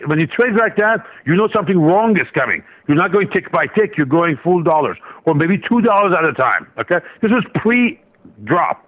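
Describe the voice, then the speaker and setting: Guesting on a market radio show, this analyst and trader rambles through a trading story, restarting often and wandering into asides. He speaks at normal speed in a fairly high voice with big pitch swings, carried on a dull lo-fi line.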